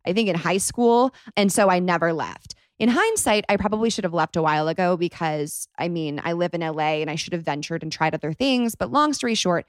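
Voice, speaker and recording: A woman's voice: fairly low pitch, fairly quick, few pauses, no room sound, clean studio sound. Rambling young woman telling a story. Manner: rambling, animated retelling full of "like". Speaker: podcast host. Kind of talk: casual storytime monologue.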